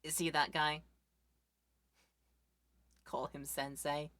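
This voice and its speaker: A woman streamer giving casual gameplay commentary, rambling and joking with quick asides. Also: low-pitched, level tone, fairly bright tone, no room sound.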